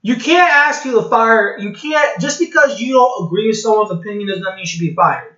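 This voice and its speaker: A man's voice: high-pitched, fairly quick, bright, forceful tone. A man delivering a blunt, sarcastic commentary rant, mocking and scornful as he talks. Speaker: vlogger. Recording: dull, roomy home recording.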